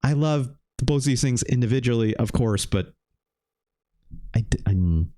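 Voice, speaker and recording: A man in his thirties streaming a retro game, chatting with viewers in a loose, animated way and swearing casually. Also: medium pitch, measured pace. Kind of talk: live game stream chat.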